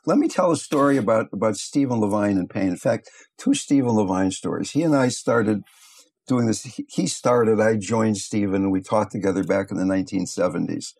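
An older man teaching meditation, telling stories in a calm, unhurried, reflective way. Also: fairly low pitch, breathy edge. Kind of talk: teaching talk with storytelling.

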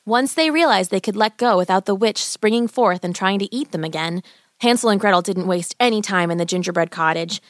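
A woman narrating a fairy tale as a bedtime story, in an expressive, gentle, animated way. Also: medium pitch, a little fast, no echo, studio quality.

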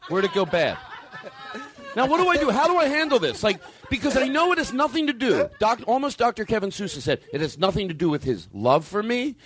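A middle-aged man hosting a comedy podcast, ranting in an exasperated, animated way with plenty of restarts and swearing. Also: sits high, brisk, husky. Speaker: podcast host.

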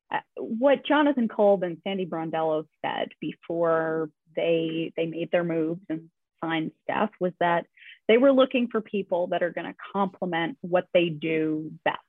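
A woman's voice: lowish voice, a little slow, no echo. Woman podcast guest, chatty, restarts a lot, tinny phone-like line, dry sound. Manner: chatty, many restarts and fillers. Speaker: podcast guest, basketball writer. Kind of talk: casual podcast chat.

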